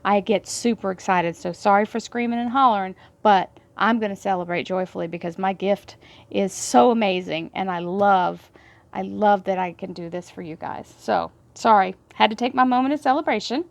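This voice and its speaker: With a gravelly, mid-range voice and a Texas Southern drawl, this woman reads tarot cards in a dry recording. Her delivery is effusive, punctuated by bursts of excited laughter and quiet, hushed prayers.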